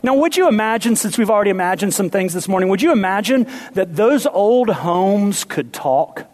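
A pastor preaching a sermon, playful with the congregation at times and dropping to hushed, intense appeals. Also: male voice, sits high, animated, moderate pace.

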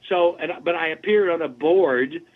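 Older male guest, chatty and lively, fairly high voice, heard over a tinny phone line. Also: moderate pace. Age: 70s. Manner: animated, chatty anecdotes. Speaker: guest voice actor. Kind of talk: casual interview storytelling.

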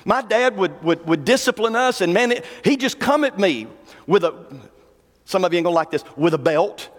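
A pastor preaching a sermon in a folksy, conversational way and slowing down to read scripture. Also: male voice, high voice, lively intonation. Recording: long hall reverb.

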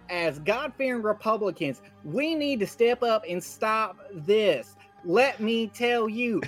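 A man's voice: high voice, exaggerated voice. A man putting on a ranting American caller. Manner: ranting, blustering, mock-patriotic. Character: loud right-wing American male caller.

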